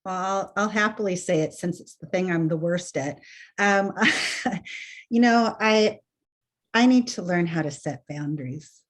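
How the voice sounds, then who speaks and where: Woman guest, slightly low voice, self-deprecating and warm, casual chat. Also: measured pace. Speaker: hospice worker, guest. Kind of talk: casual conversation.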